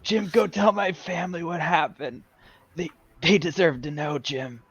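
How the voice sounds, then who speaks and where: A man's voice: fairly high pitch, husky, no echo, lo-fi sound. A man voicing a weak, pleading ghost of a dying male adventurer, stammering and coughing. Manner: halting, coughing, stammering whispery pleas.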